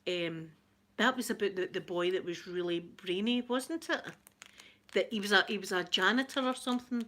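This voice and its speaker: A woman's voice: mid-range voice, a bit bright. Scottish woman, middle-aged, chatty livestream host, laughs a lot. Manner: chatty, reads out viewer comments, laughs often. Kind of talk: casual chat with viewers.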